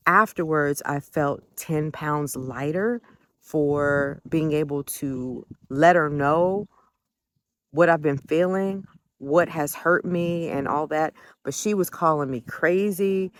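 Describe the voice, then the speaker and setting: A woman telling a personal family story, candid and emotional, swearing freely as she gets indignant. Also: low-pitched. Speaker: adult child recounting family conflict.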